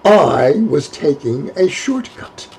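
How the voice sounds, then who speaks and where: A man's voice: mid-range voice, unhurried, vocal fry, mellow, slight background noise, low-quality recording. A man voicing a proud, defiant young woman. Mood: dignified, mortified.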